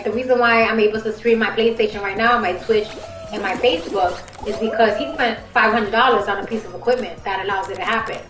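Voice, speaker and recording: A young woman from the Bronx with a heavy Bronx Puerto Rican accent, who grew up speaking Spanish, chatting casually with viewers on a live stream. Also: fairly high pitch. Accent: Bronx Puerto Rican New York. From Bronx, New York. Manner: chatty, rambling, talks straight to viewers. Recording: echoey room with music behind.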